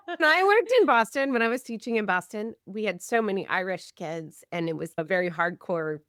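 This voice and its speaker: A woman's voice: mid-range voice, lively intonation, moderate pace, a bit bright, no room sound, clean studio sound. Upbeat American woman guest. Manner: upbeat, laughs along. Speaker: literacy advocate, guest. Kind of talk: casual podcast chat.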